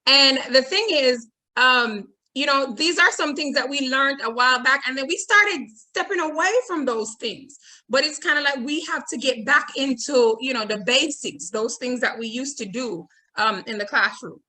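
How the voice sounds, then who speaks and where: Woman running a teacher webinar, bright clear voice, keeps saying okay to check in. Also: high voice, moderate pace. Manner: repeats points with frequent "okay?" check-ins; reads audience comments aloud. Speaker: teacher trainer. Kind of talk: webinar presentation.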